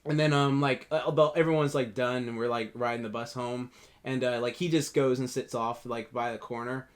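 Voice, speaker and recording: A man's voice: mid-range voice, fairly even intonation, brisk, smooth. A young man co-hosting a podcast, telling a story in a rambling, emotional way full of fillers. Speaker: podcast co-host. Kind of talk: casual podcast chat.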